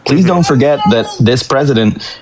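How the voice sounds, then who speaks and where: A man's voice: mid-range voice, animated, moderate pace, a little mellow, slight background noise. A man in his thirties calling in to a live stream, speaking bluntly and sardonically. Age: 30s. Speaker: caller. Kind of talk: casual call-in chat.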